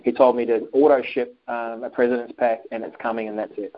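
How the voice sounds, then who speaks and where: Speaking a little fast at medium pitch, an interview guest shares a personal story in a casual conversation. He's animated, reenacting phone calls and what people told him, in dull lo-fi audio.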